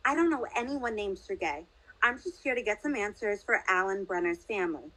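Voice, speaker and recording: A woman's voice: mid-range voice, animated, fairly quick, sharp tone, low-quality recording. A woman reading the part of a determined young woman investigator, asking earnest, direct questions.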